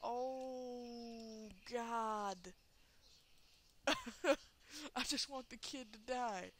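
A woman giving let's play commentary, excitable, laughing and shrieking, cursing at the game. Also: a little high, extremely slow, slight background noise. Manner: swears and exclaims at the game. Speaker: gameplay commentator.

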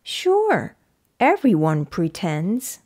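A woman voicing a cheerful, playful girl pig in a slow, lively children's picture book read-aloud. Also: mid-range voice. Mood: reassuring.

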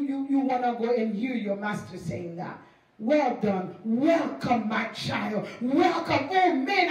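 A woman pastor with a high voice delivers an animated sermon, repeating phrases and acting out exchanges for emphasis. She is picked up from some distance, and her words ring through a very echoey church hall. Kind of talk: preaching a sermon.

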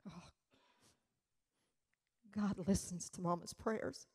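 Slow earnest woman preaching. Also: medium pitch, vocal fry, a little mellow. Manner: slow, earnest storytelling with emotional swells. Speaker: church speaker. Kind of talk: testimony sermon. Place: church.

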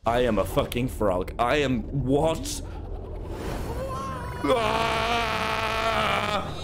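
A man streaming a game live, excitable and swearing, talking back to his chat. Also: high voice, very slow, gravelly, very noisy. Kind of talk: live gameplay commentary.

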